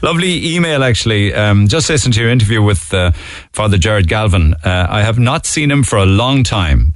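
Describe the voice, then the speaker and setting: A man's voice: on the low side, no room sound. A man with a Cork accent hosting a radio phone-in in an easygoing way and reading listener emails aloud on a studio microphone. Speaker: radio host.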